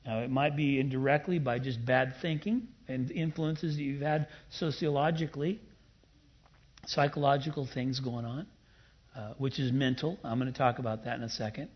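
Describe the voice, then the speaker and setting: A man preaching a sermon in an emphatic way, with playful asides and loud bursts of emphasis. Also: mid-range voice, fairly even intonation, normal speed, breathy edge, lo-fi sound. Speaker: pastor.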